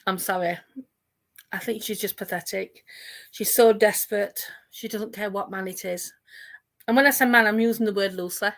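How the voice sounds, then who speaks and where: A woman's voice: mid-range voice, steady tone, normal speed, gravelly, fairly bright tone. A woman hosting a reaction commentary video, mocking and taunting the people she talks about. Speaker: commentary channel host.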